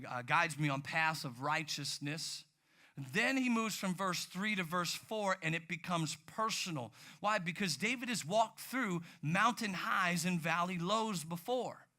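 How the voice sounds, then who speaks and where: A man preaching a sermon, animated, moving from hushed low passages to loud near-shouted ones. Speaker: pastor.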